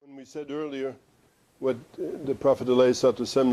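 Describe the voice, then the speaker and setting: A male Sufi teacher who tells a story in a quick, conversational way and keeps adding asides. His voice is mellow and dark, and he talks fast. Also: medium pitch, little pitch movement. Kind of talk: storytelling discourse. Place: study center.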